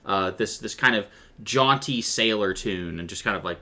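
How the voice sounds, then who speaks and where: A man's voice: fairly low pitch, normal speed, pushed and bright. A man running a streamed tabletop game as game master, chatting animatedly with his players and viewers and breaking into vocal sound effects.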